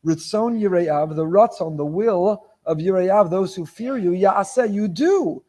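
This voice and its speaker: A man's voice: sits high, a little slow. A rabbi giving a sermon on the weekly Torah portion. He asks rhetorical questions, stacks phrases for emphasis, and mixes Hebrew terms into his English. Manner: animated, repeats phrases for emphasis.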